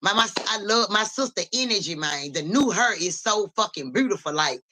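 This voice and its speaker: A woman telling stories in a casual live stream, animated and profane. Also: moderate pace. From Memphis area, USA. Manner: animated, profane, keeps saying "so boom".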